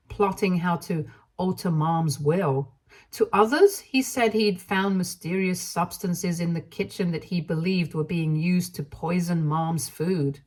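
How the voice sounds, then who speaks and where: A woman reading a first-person story aloud in an even, measured narration style. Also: on the low side.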